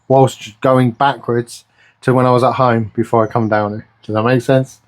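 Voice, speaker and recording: A man's voice: lowish voice, darkish tone. A man chatting casually in a home vlog, rambling and tripping over words. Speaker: vlogger. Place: indoors at home.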